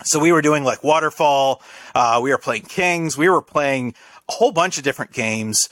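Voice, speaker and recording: A man's voice: a little high, normal speed, a bit bright, no echo. A young man telling a rambling story in casual conversation, often ending his sentences with "right?".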